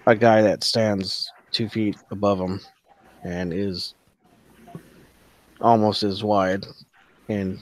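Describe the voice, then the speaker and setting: Slow, low-voiced man running a tabletop game. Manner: casual, profane, many fillers. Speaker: game master.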